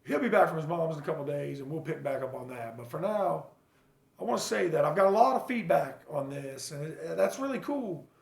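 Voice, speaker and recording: Speaking to camera in a personal vlog, a father recounts his recovery in a slightly high, gravelly voice, expressive and earnest. He swears casually and speaks bluntly, stopping often, using fillers and starting thoughts over. A bare, echoey room colors the sound.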